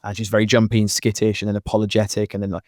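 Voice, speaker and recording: A man's voice: fairly low pitch, monotone, rapid-fire, darkish tone, dry recording, clean studio sound. A man co-hosting a podcast in casual chat, earnest and rambling as he works through his thoughts. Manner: earnest, rambling, many fillers and restarts. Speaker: podcast co-host. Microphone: podcast mic.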